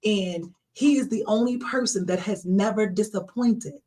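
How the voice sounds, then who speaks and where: A woman's voice: medium pitch, moderate pace. Emotional woman telling a faith story. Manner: emotional, animated storytelling addressing listeners directly. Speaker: podcast host. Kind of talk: casual faith testimony talk.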